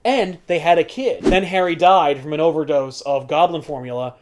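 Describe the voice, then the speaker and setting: Dude on a podcast telling a comic plot, bit high voiced, swears a lot, says like constantly. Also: male voice, moderate pace. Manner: animated storyteller, swears freely, many filler "likes". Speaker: podcast co-host recapping a comic. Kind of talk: casual chat.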